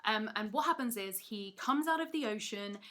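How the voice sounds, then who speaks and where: A woman holds forth from a rented room in an excitable, comedic rant. Her voice is bright and a little sharp. She talks fast, leans hard on her points and keeps turning the jokes back on herself. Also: medium pitch. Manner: excitable, rapid, emphatic, self-mocking. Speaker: video essayist host. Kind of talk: energetic comedic rant to camera. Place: rented apartment room, indoors. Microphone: camera mic, seated in wheeled office chair.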